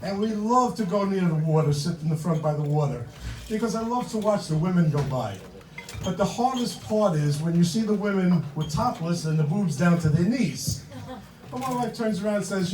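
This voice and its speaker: High-pitched, expressive, and a little mellow, this older man's voice moves at a normal speed as he delivers punchy, conversational jokes in a club stand-up set. The mic sits far off in a roomy hall, with a little hiss or hum.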